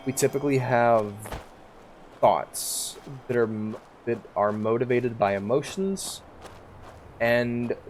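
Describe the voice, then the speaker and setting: A man's voice: medium pitch, a little mellow, a little hiss or hum. A stoned man streaming a game, rambling candidly about his life and swearing freely into a desk mic. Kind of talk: casual rambling monologue over gameplay.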